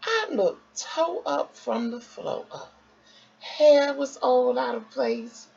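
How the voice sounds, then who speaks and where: A woman vlogger tells a story in a lively voice that swings up and down a lot. Her voice has a gravelly, fry-heavy texture. The recording is dull and lo-fi, with faint background noise. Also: high-pitched, takes it slowly. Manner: animated, expressive, acts out quotes. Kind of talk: casual storytelling.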